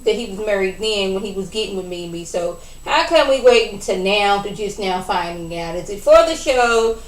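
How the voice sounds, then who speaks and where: A woman casually recapping a reality TV episode, animated and chatty, acting out what the cast said. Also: mid-range voice. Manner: animated, chatty, acts out quotes. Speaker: TV recap vlogger. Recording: roomy echo, mic at a distance.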